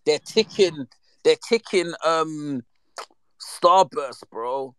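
A man, chatting casually and reminiscing with lively slang, acting out the voices in his stories. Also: a little high, drawn-out words, clean tone, no room sound. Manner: animated, slangy, acts out quoted voices. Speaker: storyteller.

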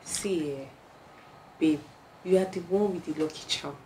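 A woman's voice: low voice, a little slow, noisy background. An actress playing a loyal young woman who coaxes and urges her friend. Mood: coaxing. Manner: coaxing.

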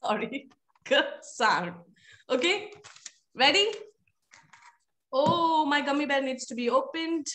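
A woman teaching young children over a video call, playful and encouraging with a sing-song lilt. Her voice sits very high and bright. A faint hiss sits behind her computer mic. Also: animated, takes it slowly, pauses often. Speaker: online phonics teacher. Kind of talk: live online class with young children.

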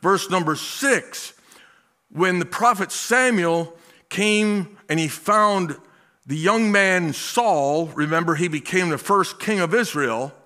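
Bright-voiced man preaching. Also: high voice. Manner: folksy asides with chuckles; slow, drawn-out delivery with emphatic swells. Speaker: pastor. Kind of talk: sermon.

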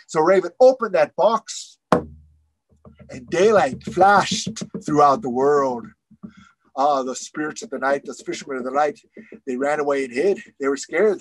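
A man's voice: fairly high pitch, no room sound, rough recording. A man telling a traditional story with rhythmic, repeating phrases. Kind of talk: oral storytelling.

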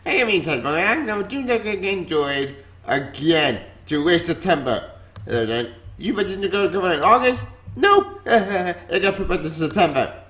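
A man hosting a vlog, ranting in exasperation and jumping between low mutters and sudden high outbursts. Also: sing-song, normal speed, fairly bright tone. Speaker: comic book vlogger.

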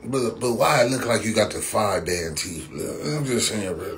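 Lowish-voiced man, rambling. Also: animated, measured pace, fairly bright tone, a little hiss or hum. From Compton, California. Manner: rambling, repetitive trash talk, laughing. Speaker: livestream host. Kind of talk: casual livestream roasting.

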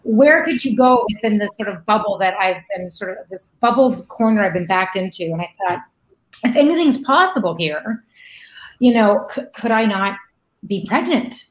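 Actress on a panel, tells stories with lots of voices for quotes, echoey room. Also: female voice, mid-range voice, normal speed. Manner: animated storyteller who acts out quoted lines. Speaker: actress guest. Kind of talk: casual panel chat.

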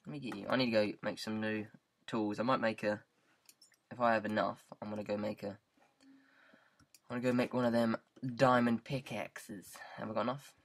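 A British man, a gaming YouTuber, comments briskly on his gameplay through a headset mic, his voice steady and somewhat low. The talk is casual and meandering, full of goofing off and silly word repetition.

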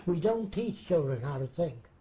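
A man's voice: a little high, sing-song, moderate pace, warm tone. An older man telling a story in conversation, plain-spoken and acting out what others said. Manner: plain-spoken, anecdotal, acts out quotes. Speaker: interviewee.

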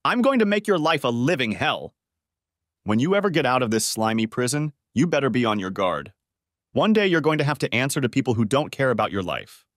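A man voicing a furious corrupt judge who shouts threats. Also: medium pitch, big pitch swings, a little fast, no room sound, studio quality. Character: furious corrupt middle-aged male judge.

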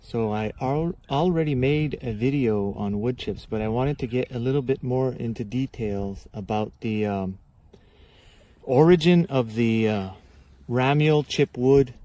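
A man from Quebec, speaking English with a Quebecois French accent, hosts a casual gardening explainer. His pitch sits in an ordinary middle range. He talks in a chatty, meandering way, full of fillers and restarts. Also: a little mellow, no room sound. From Quebec, Canada. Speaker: gardening channel host.

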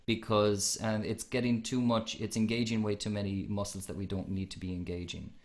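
A man's voice: lowish voice, flat delivery, a little fast, darkish tone. A man hosting a podcast and coaching singing technique, explaining at length with frequent restarts and sung demonstrations. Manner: explanatory, many restarts, demonstrates vocal sounds. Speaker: podcast host and voice teacher.

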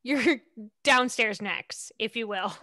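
A woman's voice: fairly high pitch, slow, pushed and bright. A woman narrating a tabletop game as its game master, playful and amused.

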